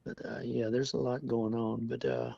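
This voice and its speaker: Gravelly older man telling old stories. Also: mid-range voice, little pitch movement, normal speed, dark tone, dry recording. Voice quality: gravelly, husky. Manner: chatty, laughs often, acts out quotes. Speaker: veteran interviewee. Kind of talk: oral history storytelling. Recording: dull lo-fi dry recording.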